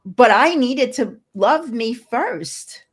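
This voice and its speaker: A woman's voice: fairly high pitch, expressive, slow, husky. A woman speaking as a podcast guest, an energy healer and hypnotherapist, talking earnestly and encouragingly with frequent restarts. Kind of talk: podcast interview conversation.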